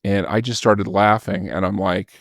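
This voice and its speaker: Older man with a low voice telling a story. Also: normal speed, gravelly, no room sound, studio quality. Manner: lively storyteller who acts out quoted voices. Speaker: podcast guest, former record store manager. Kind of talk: casual anecdote telling.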